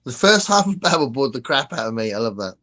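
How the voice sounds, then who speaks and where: Chatty man, lively pitch. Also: fast. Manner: chatty, laughs often, reads chat comments aloud. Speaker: podcast co-host reading live chat. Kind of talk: casual chat.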